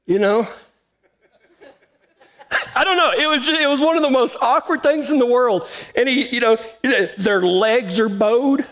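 High-voiced cowboy preacher. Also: male voice, animated, normal speed, long pauses, fairly bright tone. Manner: drawling, folksy, laughs at his own story. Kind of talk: folksy storytelling sermon.

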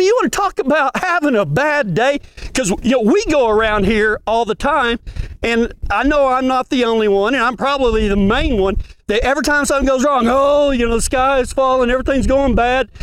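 A man's voice: very high-pitched, fairly bright tone, clear, resonant tone. A man preaching a folksy sermon at a ranch gathering, asking the room questions as he goes.

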